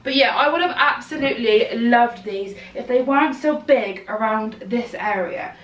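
A woman's voice: on the high side, normal speed, fairly bright tone. A young woman chatting casually to camera in a try-on haul, outspoken and exasperated. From United Kingdom. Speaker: fashion vlogger.

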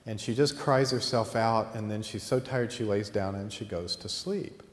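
A man teaching a class, telling a story with lively delivery and voicing the people in it. His voice sits on the low side, and the room adds a strong echo with long reverb. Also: moderate pace. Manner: lively storyteller acting out characters. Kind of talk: storytelling during a lecture.

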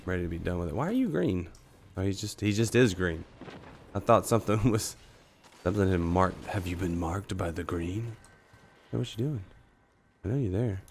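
A man gives casual live commentary on his gameplay while fighting a cold. His low, gravelly voice jumps around in pitch, and he chats freely with teammates and viewers between coughs. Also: expressive, moderate pace, pauses often, a little hiss or hum. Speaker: gaming streamer.

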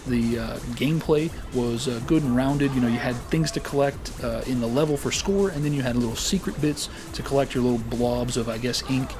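A man's voice: mid-range voice, a little fast, hardly any pauses, over music. A man hosting a casual weekly gaming round-up, rambling and joking with lots of filler words. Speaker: gaming show host.

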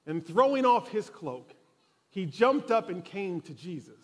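Male pastor, sermon in a church; high voice, very lively pitch, dramatic storyteller. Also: a little slow. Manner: dramatic storytelling, building intensity. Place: church sanctuary.

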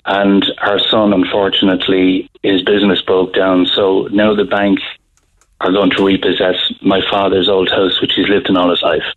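Husky Irish man over a phone line. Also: deep voice, little pitch movement. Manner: halting, many restarts, emotional retelling. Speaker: guest author. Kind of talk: radio interview, storytelling.

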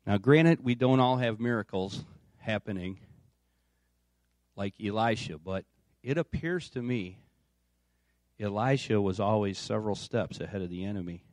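A man's voice: lowish voice, a little slow, pauses often, a little mellow, dry recording, clean studio sound. A man preaching an informal sermon as a pastor, reading scripture aloud with casual asides. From United States. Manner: conversational, reads aloud with asides. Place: church.

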